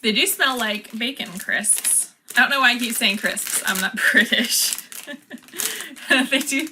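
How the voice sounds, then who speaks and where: Bright-voiced woman tasting snacks. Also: on the high side, a little slow, slight background noise. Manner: chatty, laughs often, reads product cards aloud. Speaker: vlogger. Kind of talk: casual snack unboxing and taste test.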